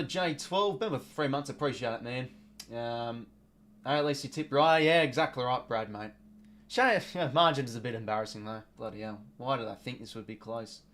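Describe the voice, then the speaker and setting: A man's voice: mid-range voice, fairly bright tone, a little hiss or hum. Exasperated Australian man on a watch-along. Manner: exasperated, rambling, swears casually, reads out viewer donations. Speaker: host of a live football watch-along. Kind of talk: casual live watch-along commentary.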